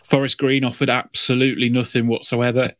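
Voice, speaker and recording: A man's voice: medium pitch, level tone, a little fast, fairly bright tone, no echo. A man co-hosting a football podcast, talking in a rambling way with many fillers. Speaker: podcast co-host. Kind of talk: casual chat.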